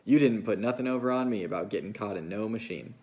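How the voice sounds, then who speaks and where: A man reading a novel aloud, putting on the voice of a lonely, restless young ranch wife who talks in a coaxing, hurried way. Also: on the low side, mellow, natural voice. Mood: teasing. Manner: coaxing, fast, pleading.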